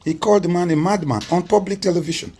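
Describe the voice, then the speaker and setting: A man's voice: high-pitched, fast, mellow, a little hiss or hum. A Nigerian man speaking as a political guest on a TV interview, making emphatic points with rhetorical repetition. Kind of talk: TV interview commentary.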